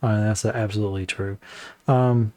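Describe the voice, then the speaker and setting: A man giving a casual, rambling book review, halting often with fillers and restarts. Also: fairly low pitch, steady tone, dark tone.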